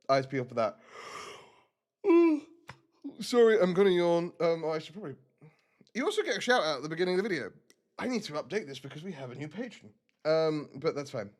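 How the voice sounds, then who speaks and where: A man streaming a role-playing game, chatting casually and rambling with self-mocking asides. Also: mid-range voice.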